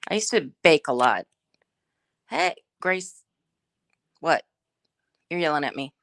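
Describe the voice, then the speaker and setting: A woman's voice: sits low, animated, moderate pace, a bit bright. A middle-aged woman hosting a casual live chat, greeting viewers by name and chatting in a laid-back way. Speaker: livestream host.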